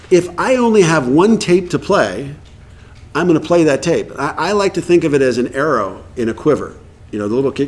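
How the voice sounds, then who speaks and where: A middle-aged man with a Texan accent, speaking at a recovery meeting and acting out quoted voices in an animated way. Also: on the high side. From Texas.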